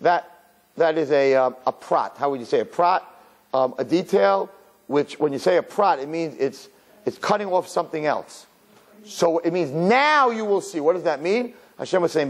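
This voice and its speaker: A male rabbi teaching a Torah class, dramatic and conversational as he draws his listeners in with questions. His pitch sits a little high and swings widely. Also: animated, normal speed, a little mellow.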